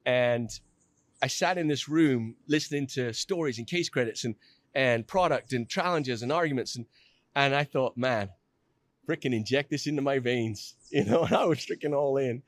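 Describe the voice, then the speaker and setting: A man in his fifties, a podcast guest, telling a personal story in an earnest, animated way. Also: mid-range voice, moderate pace, no echo, clean studio sound.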